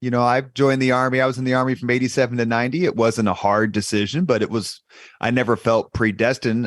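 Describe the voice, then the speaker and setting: A man's voice: medium pitch, no echo, studio quality. A man in his fifties hosting a podcast, asking questions with thoughtful personal lead-ins. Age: 50s. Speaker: podcast host. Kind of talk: interview questions.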